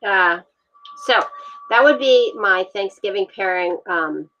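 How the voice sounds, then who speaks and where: A woman guest on a video call talking about wine with a relaxed, enthusiastic manner and frequent fillers. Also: mid-range voice, slow, highs cut off. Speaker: guest, wine communications expert. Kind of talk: casual interview over video call.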